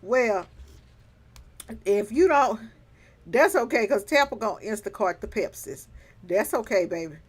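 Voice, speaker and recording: A woman's voice: medium pitch, expressive, measured pace, long pauses, slightly rough. A woman vlogger chatting casually on a stream, teasing her viewers and breaking into big laughs. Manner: laughing hard, playful teasing, Southern slang. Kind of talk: casual livestream chat.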